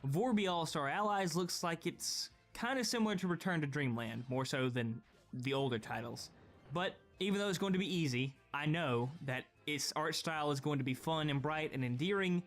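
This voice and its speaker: A man's voice: a little high, expressive, moderate pace, faint music behind. A young man giving scripted gaming vlog commentary, profane and sarcastic, ranting with strong opinions. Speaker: gaming video creator.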